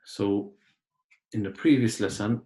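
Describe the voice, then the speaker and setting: A man teaching a class, patiently explaining words step by step and often clearing his throat. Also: lowish voice, a little slow, mellow, echoey room. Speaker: Arabic teacher. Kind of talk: online class lesson.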